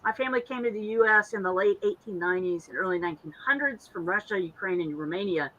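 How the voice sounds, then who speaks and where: A woman's voice: medium pitch, animated, quick pace, fairly bright tone, highs cut off. A woman co-hosting a casual online chat show, reading viewer comments aloud in a chatty way. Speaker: co-host.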